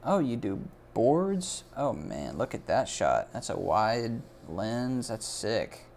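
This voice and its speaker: Excitable male stream host, lively swings in pitch, slight hiss behind him. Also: slow, vocal fry. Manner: excitable, gushing, jokey. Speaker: host of a portfolio review stream. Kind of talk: casual livestream chat.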